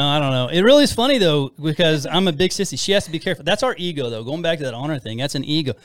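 A man's voice: on the high side, expressive, fast, hardly any pauses, no room sound. A middle-aged man co-hosting a casual faith-based talk about marriage, rambling and self-deprecating with frequent restarts. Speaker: podcast co-host.

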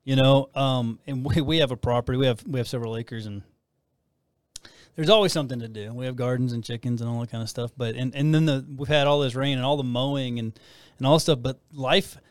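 As host of a casual faith talk show, a man speaks fairly quickly in a steady, average-pitched voice, rambling and frequently restarting his sentences. The recording is dry and close, with no room sound.

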